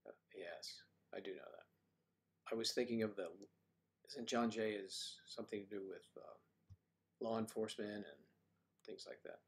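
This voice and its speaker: An older man hosting a livestream, chatting casually and rambling, thinking aloud with frequent pauses. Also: fairly low pitch, steady tone. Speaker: livestream host.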